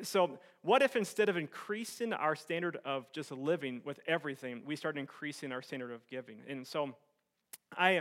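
A young man preaches a sermon as pastor, sharing a personal story and swinging animatedly between loud excitement and soft, earnest tones. His voice is a little high.

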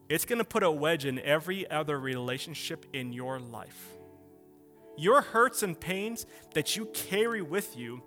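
A man in his thirties delivers an impassioned sermon, his voice pitched high and ringing bright. He drives his points home with runs of rhetorical questions, and soft music plays faintly underneath. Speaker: pastor.

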